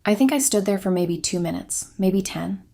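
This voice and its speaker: A woman reading a scripted first-person confession in a quiet, subdued, steady way. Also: medium pitch, normal speed, creaky. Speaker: story narrator.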